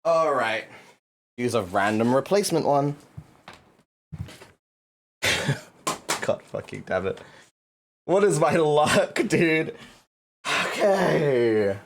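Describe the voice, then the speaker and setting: Exasperated swearing male streamer, lively pitch. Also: very slow, pauses often, a little hiss or hum. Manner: exasperated, swears a lot, talks to chat while cleaning. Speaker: livestreamer. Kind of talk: casual livestream chat.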